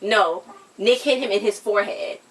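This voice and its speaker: A young woman co-hosting a casual TV recap, retelling scenes in an animated way and acting out the characters' lines. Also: medium pitch, normal speed, far from the mic. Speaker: co-host of a TV recap channel. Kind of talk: casual chat, TV episode recap.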